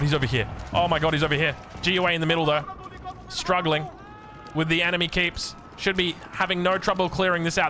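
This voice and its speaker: A man with an Australian accent casting a strategy game, excitable and chatting to the players, his voice jumping up when surprised. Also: high-pitched. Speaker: game caster.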